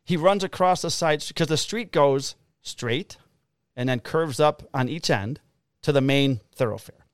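A middle-aged man, a police officer, telling a story in a casual, profane, animated way. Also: on the high side, a little slow, smooth, no room sound, clean studio sound.

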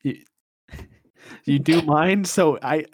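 A man's voice: fairly high pitch, very slow, no echo, clean studio sound. A man playing a polite but flustered male shop clerk in an improvised comedy sketch, stammering and giggling.

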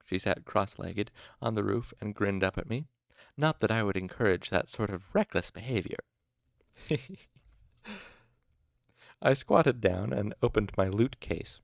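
A man's voice: on the low side, a little slow, gravelly, long pauses, no room sound, studio quality. A man reading a novel aloud expressively, with occasional asides and self-corrections. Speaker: audiobook narrator.

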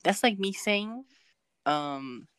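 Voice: medium pitch, animated, takes it slowly, fairly bright tone, a little hiss or hum. A young adult co-hosting a casual podcast chat, laid-back and joking, full of slang. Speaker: podcast co-host.

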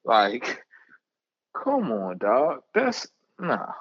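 A man's voice: fairly high pitch, animated, a little slow, no echo, highs cut off. A man co-hosting a casual sports chat, emphatic and slangy, often repeating himself for effect. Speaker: sports podcast co-host.

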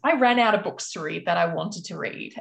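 A woman's voice: lowish voice, lively intonation, a little fast, creaky, a bit bright. A woman author losing her voice to a cold, telling her story in a frank, rambling way with many fillers. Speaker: author guest. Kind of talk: casual storytelling answer.

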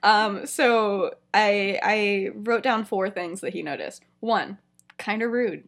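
A young woman co-hosting a podcast, retelling a story in casual chat, animated, with lots of fillers. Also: medium pitch, slow pace. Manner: animated storytelling, many fillers, frequent laughs. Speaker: podcast co-host.

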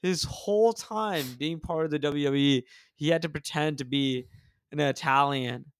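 A man from Canada, a comedian guest on a podcast, rambling excitedly and swearing often. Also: a little high, normal speed, clear, resonant tone, no echo. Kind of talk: casual chat.

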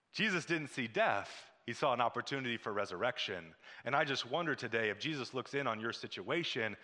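A man's voice: medium pitch, sharp tone, big-room sound. A man preaching a sermon as pastor, repeating short declarations and building to fervent exhortation.

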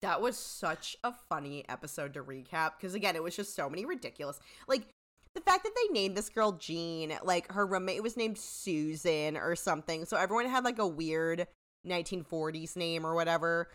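Lower-voiced animated woman co-host. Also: moderate pace. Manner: animated, wry, swears freely. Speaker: podcast co-host. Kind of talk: casual chat recapping a TV season.

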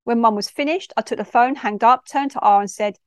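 A woman's voice: fairly high pitch, fairly quick, smooth, no echo, studio quality. No-nonsense woman storyteller. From London. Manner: direct, no-nonsense. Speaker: youth worker. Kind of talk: reading a personal story.

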